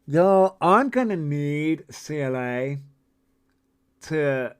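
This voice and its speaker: A man in his forties hosts a relaxed livestream, answering viewer comments as he rambles. His voice is smooth and clean, and he takes his time between swear-laden, disbelieving asides. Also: medium pitch, slow pace. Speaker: livestream host. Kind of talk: casual livestream chat reading viewer comments.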